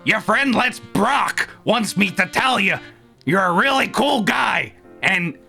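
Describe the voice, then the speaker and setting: A man doing a shrill, grating impression of an older male comedian, with a raspy, screechy, drawn-out delivery. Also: expressive, pushed and bright, faint music behind, full character voice. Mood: mock earnest.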